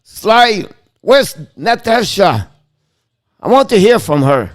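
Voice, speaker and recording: Excitable hockey streamer. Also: male voice, sits high, takes it slowly. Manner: excitable, switches between English and French, talks to chat viewers. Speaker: hockey live-stream host. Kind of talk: live play-by-play commentary with chat.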